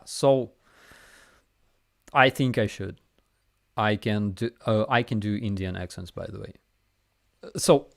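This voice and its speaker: A man with a Ukrainian accent hosting a casual live Q&A and reading chat messages aloud, with a relaxed, hesitant manner and many fillers. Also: on the low side, no echo, studio quality. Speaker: livestream host answering chat.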